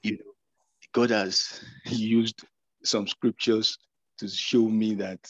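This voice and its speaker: Halting man on a muffled call. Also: lowish voice, flat delivery, no room sound. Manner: halting, repeats words, earnest. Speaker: participant. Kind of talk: casual faith sharing. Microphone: video call.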